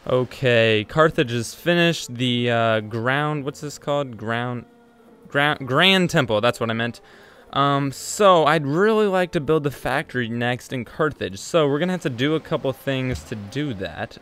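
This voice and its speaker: A man's voice: mid-range voice, a bit bright. A man hosting a let's play, talking through his game in a rambling, hesitant way with many ums and self-corrections. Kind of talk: casual gameplay commentary. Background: faint game music.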